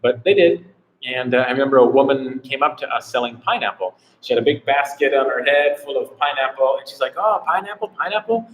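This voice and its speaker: A man's voice: mid-range voice, fairly even intonation, brisk, poor audio. Rambling man hosting a live travel Q&A. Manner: rambling, heavy on "like" fillers. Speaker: travel vlogger host. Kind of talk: casual live Q&A chat.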